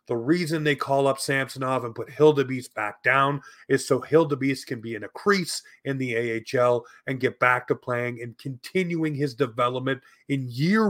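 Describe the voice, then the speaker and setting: A man talks through his hockey opinions in a solo commentary. He is emphatic and argumentative, hammering his points home with repeated phrases, in a voice of ordinary pitch. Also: normal speed, fairly bright tone. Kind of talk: opinionated sports commentary monologue.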